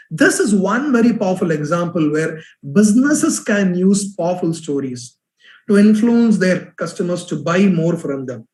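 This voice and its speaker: A man with a high, light voice leads an online workshop on business storytelling. He talks in an animated way and doubles up words for emphasis. His voice rings around an echoey room.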